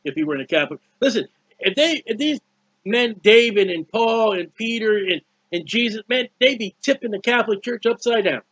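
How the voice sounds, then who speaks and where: A man's voice: high voice, expressive, fairly quick, a bit bright, breathy edge, dry recording. A man preaching a fervent sermon, with many restarts and repeated words. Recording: dull lo-fi recording.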